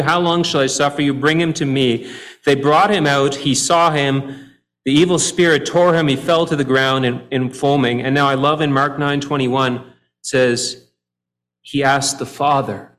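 A man preaching a sermon, walking through scripture verse by verse, his delivery swinging from soft, drawn-out phrases to emphatic rises. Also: on the high side. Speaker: pastor.

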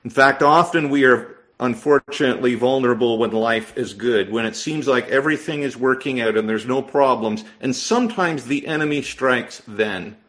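A man in the middle of a sermon, preaching earnestly to his congregation. His voice sits at an ordinary middle pitch. He asks rhetorical questions and often repeats words as he pushes his point. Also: moderate pace, few pauses, fairly bright tone. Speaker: pastor.

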